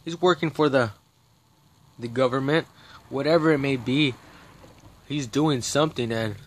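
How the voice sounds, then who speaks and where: A man's voice: medium pitch, unhurried. A man talking straight to camera in a rambling, profane monologue, agitated and restarting his sentences often. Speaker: vlogger.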